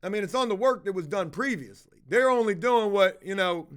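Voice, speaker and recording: A man chatting casually to his viewers, swearing often and telling an animated story. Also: sits high, a little fast. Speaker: house flipper vlogger. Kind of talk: casual livestream chat.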